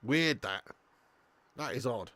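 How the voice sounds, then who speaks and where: A man's voice: mid-range voice, animated, slow pace, pushed and bright. A young man hosting a live football watch-along who chats, swears and laughs, bantering with viewers in the chat.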